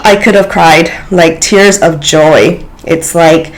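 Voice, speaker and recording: Earnest woman musing about slowing down. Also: on the low side, fairly even intonation, low-quality recording. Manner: earnest, reflective, many fillers and restarts. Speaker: vlogger. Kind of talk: casual spiritual talk to camera.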